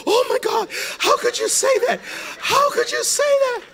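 A male preacher voicing a fussy, easily shocked churchgoing woman in a shrill falsetto. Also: unhurried, a bit bright, heavily acted. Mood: scandalized.

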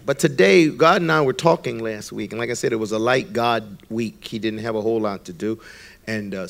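A male pastor preaching a sermon with comic storytelling, swinging between loud bursts and quiet asides. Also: fairly low pitch. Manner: comic storytelling, acts out quoted voices, swings loud and soft.

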